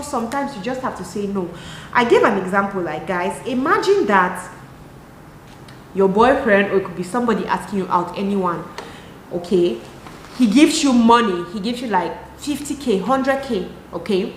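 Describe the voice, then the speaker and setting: A young Cameroonian woman with a Cameroonian accent, chatting to camera in an animated, exasperated way. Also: medium pitch, moderate pace, a little hiss or hum. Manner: animated, talks with her hands, rhetorical and exasperated. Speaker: lifestyle vlogger. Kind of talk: casual chat to camera. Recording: echoey room.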